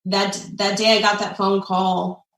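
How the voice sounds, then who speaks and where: A woman in her forties from the United States, telling a personal story as a guest in an earnest, heartfelt way, pausing often with fillers. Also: medium pitch, flat delivery, a bit bright. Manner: heartfelt, with frequent pauses and fillers. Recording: echoey room, distant mic.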